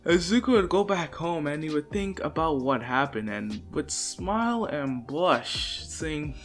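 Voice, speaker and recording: A man's voice: on the high side, expressive, a little slow, fairly bright tone, soft background music. A young man casually narrating a fan story, rambling and giggly. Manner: rambling, giggly, self-conscious. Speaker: video storyteller.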